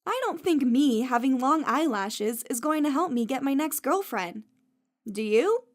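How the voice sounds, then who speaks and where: A woman's voice: high voice, expressive, unhurried. A woman reading the part of a young man who has just been dumped, speaking in a wry, plain way in an audiobook. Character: young man, recently dumped, dry and joking.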